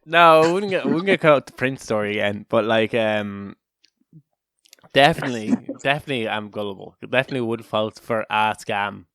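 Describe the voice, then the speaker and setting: A man's voice: on the low side, animated, brisk, a bit bright, dry recording, clean studio sound. A man co-hosting a casual podcast, joking around, laughing often and telling rambling stories. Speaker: podcast co-host.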